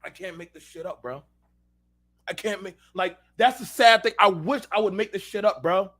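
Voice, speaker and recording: A man's voice: high voice, moderate pace, a bit bright. A man hosting an unfiltered talk show, telling heated, profanity-laced stories and speaking directly to his listeners. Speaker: show host. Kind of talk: unfiltered casual rant.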